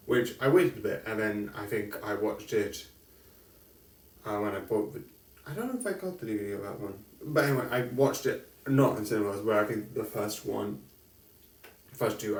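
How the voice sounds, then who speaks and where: A man giving a casual, rambling film review, correcting himself often and laughing between thoughts. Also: on the low side. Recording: echoey room, distant mic.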